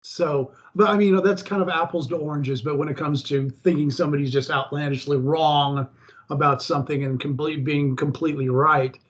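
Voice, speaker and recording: An American man chatting casually, rambling with halting restarts. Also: a little high, fairly even intonation. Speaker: co-host. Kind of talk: casual chat. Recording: dull lo-fi audio.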